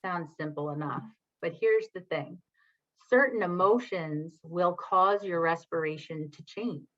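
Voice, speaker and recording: A woman's voice: on the low side, a little slow, fairly bright tone, highs cut off. A woman presenting a parenting workshop online, chatting with her audience, reading their comments, and often checking in with "right?". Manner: addresses audience and reads chat comments. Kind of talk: live online workshop talk.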